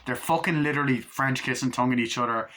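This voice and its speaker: A man in his twenties recapping a horror film in a casual, excitable, rambling way, swearing freely. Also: medium pitch, quick pace, slight background noise. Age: 20s. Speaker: movie reviewer.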